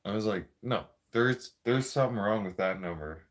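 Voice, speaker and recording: A man's voice: sits low, lively intonation, a little fast, few pauses. A man telling a profane, rambling story in a casual rant. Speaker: vlogger.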